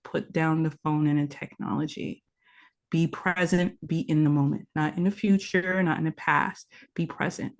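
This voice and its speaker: A woman guest on a podcast, teaching tantra practice in an earnest, instructive way and repeating her key points. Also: low-pitched. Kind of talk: conversational podcast interview.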